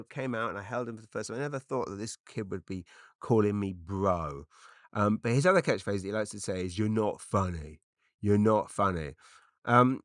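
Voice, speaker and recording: A man's voice: fairly low pitch, fairly bright tone, no room sound, clean studio sound. A middle-aged man from Britain, a comedian rambling through an unscripted solo podcast with lots of fillers and restarts, self-deprecating.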